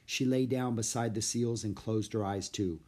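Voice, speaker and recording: A man reading a children's storybook aloud in an expressive, lively narration. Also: fairly low pitch, moderate pace. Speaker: audiobook narrator.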